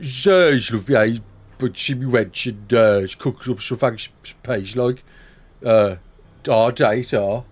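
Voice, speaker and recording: A man's voice: medium pitch, unhurried, husky, voice pushed down. A man playing a rowdy local man with a strong, drawling English West Midlands dialect.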